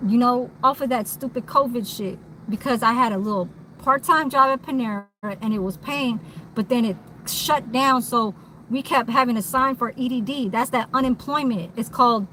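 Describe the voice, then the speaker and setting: A woman talks straight to camera in a loose, rambling way, blunt and unafraid to swear. Her voice is bright and sits a little high. She is recording inside a vehicle, with a faint hum underneath. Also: normal speed, low-quality recording. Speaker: vlogger. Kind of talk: candid unscripted monologue.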